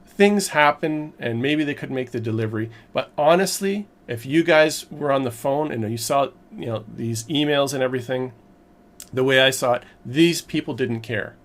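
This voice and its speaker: A man's voice: mid-range voice, normal speed. A man vlogging, recounting a frustrating purchase in a rambling, emphatic, exasperated way. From Canada. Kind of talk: casual storytelling to camera.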